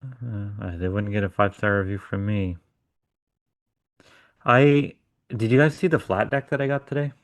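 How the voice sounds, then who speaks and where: A man's voice: lowish voice, normal speed, long pauses, no room sound, studio quality. A man co-hosting a podcast, telling a story in a blunt, profane, casual way. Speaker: podcast co-host. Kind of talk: casual chat.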